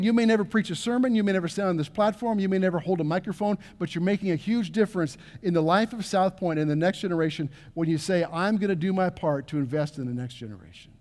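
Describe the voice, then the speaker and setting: A man's voice: high voice, a little mellow, long reverb tail. A middle-aged man preaching a sermon as pastor, earnest, repeating phrases and asking the congregation to respond. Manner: earnest, repeats phrases, asks the crowd to answer. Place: church sanctuary.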